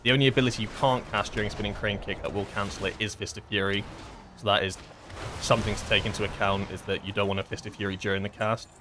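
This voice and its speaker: A man's voice: on the low side, fairly even intonation, fast talker, noisy background. A man streaming a game and explaining mechanics in a casual, rambling way with lots of fillers. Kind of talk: casual gameplay commentary.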